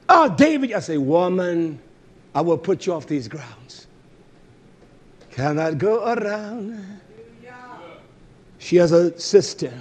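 A man preaching a fiery sermon, cursing and shouting, then dropping to low muttering. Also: slightly rough. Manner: shouting, cursing and swinging between loud outbursts and low muttering. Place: religious feast gathering.

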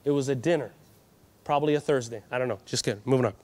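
A man from California preaching a sermon at a youth conference, energetic and calling for answers from the crowd. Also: medium pitch, very fast. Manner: energetic, call-and-response with the crowd. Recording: reverberant hall.

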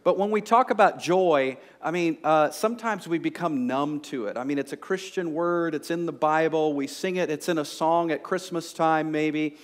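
A man's voice: on the high side, moderate pace, hardly any pauses. A man preaching a sermon to a congregation, conversational and joking, with frequent fillers like "you know". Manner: conversational, humorous, lots of fillers. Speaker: pastor. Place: church sanctuary before a congregation.

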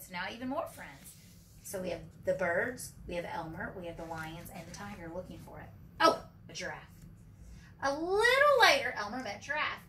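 Lively preschool teacher reading aloud. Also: female voice, a little high, normal speed. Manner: animated storybook reading with big swings for character lines; asks children questions and calls them friends. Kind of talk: reading a picture book aloud to young children. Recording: distant from the mic with faint background noise.

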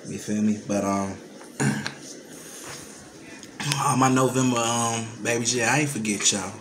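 A man's voice: mid-range voice, fairly even intonation, unhurried. A man vlogging casually to his followers from home, emotional and choked up, sighing heavily as he talks into his phone camera. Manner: emotional, choked up, heavy sighs. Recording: noticeable room noise.

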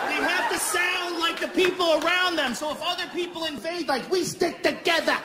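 Stand-up comic from boston, yelling and swearing, big echoey room with audience noise. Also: male voice, extremely high pitch, normal speed, hardly any pauses, over a noisy crowd. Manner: loud, animated, profane storytelling with acted-out voices. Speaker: stand-up comedian. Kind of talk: stand-up comedy routine. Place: comedy stage in front of a live audience. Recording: live club stage mic, long hall reverb, audience noise.

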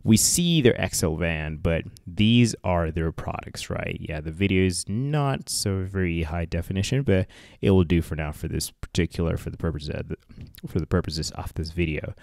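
A man's voice: low voice, normal speed, a little mellow, dry recording, studio quality. A man from Africa giving a chatty, rambling commentary while browsing a website, often calling his viewers guys. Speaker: tech vlogger. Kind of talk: casual screen-share commentary.

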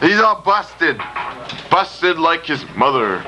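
A man doing profane, excited play-by-play of a backyard wrestling match while filming it, gasping and laughing. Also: on the high side, slow pace, very noisy. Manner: swears often, loud gasps and laughs. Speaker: backyard wrestling commentator and cameraman.

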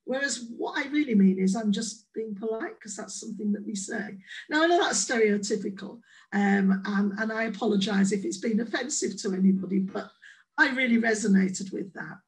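An English woman giving a conference presentation, playful and lively, acting out the quoted voices in her examples. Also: medium pitch, a little fast, poor audio. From England. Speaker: conference speaker.

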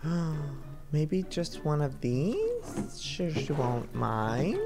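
A man's voice: fairly high pitch, big pitch swings, drawn-out words, music in the background. A man hosting a playful let's-play video, talking theatrically with frequent gasps and sneaky stage whispers. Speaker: gaming video host.

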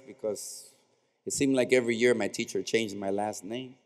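A man's voice: fairly low pitch, steady tone, normal speed. A man giving a commencement speech in a large indoor arena, speaking with impassioned, repetitive oratory into a podium microphone. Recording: echoey arena with long reverb.

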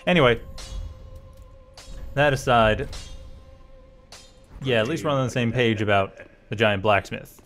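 A man's voice: medium pitch, measured pace, long pauses, a bit bright, faint music behind. A man playing a video game, casually musing aloud and reading out item descriptions. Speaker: let's play host. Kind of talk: casual gameplay commentary.

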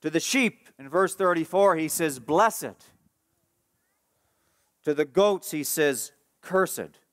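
A man's voice: moderate pace, no room sound, studio quality. Emphatic male pastor preaching. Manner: emphatic preaching, repeats key phrases, rises in pitch and force when stressing points; drops to a soft, hushed voice for tender passages. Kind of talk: sermon.

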